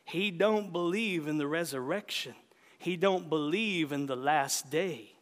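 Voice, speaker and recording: A man reading as a gravelly, hearty old great-uncle. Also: on the high side, a little slow, in a large hall, close to an everyday voice. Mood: insistent. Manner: hollering, stern, insistent.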